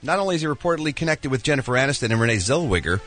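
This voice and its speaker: A man's voice: medium pitch, sing-song, very fast, fairly bright tone, faint music behind. A man giving a celebrity gossip segment on a radio show in a chatty, crude, joking way. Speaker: entertainment news reporter.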